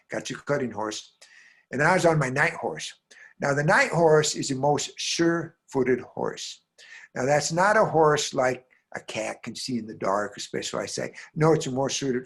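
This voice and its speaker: A man from the American Southwest, a storyteller performing a tale aloud, speaking straight to his listeners and swinging from hushed lines to loud bursts. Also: mid-range voice, gravelly, breathy edge. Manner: talks straight to listeners with frequent "right?".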